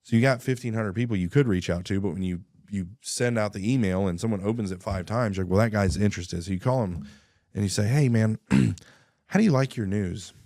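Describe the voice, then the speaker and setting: A man telling his life story in a casual interview, animated, acting out dialogue and often clearing his throat. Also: fairly low pitch, no room sound, clean studio sound. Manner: animated, acts out dialogue with quick voice shifts; frequent throat clearing and restarts.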